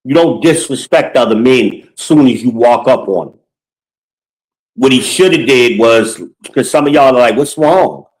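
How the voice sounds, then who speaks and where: A man's voice: mid-range voice, measured pace, low-quality recording. A middle-aged man hosting a podcast, telling stories in a blunt, profane casual monologue. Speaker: podcast host.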